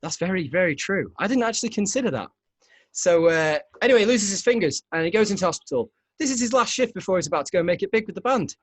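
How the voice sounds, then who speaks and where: A man's voice: sits high, animated, fast talker, no echo. Brief: male podcast host, rambling storyteller, dry close sound. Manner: rambling, laughing. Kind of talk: casual storytelling chat.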